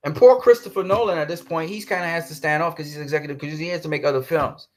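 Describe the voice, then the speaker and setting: A man's voice: fairly high pitch, quick pace. A man ranting heatedly in a commentary vlog, swearing and then apologizing for cursing. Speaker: commentary vlogger.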